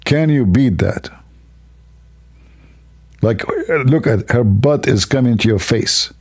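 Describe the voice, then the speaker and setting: A man's voice: mid-range voice, slow, slightly rough. A man hosting a livestream, talking in a sarcastic, rambling, mock-admiring way. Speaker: livestream host. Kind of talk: mocking livestream commentary.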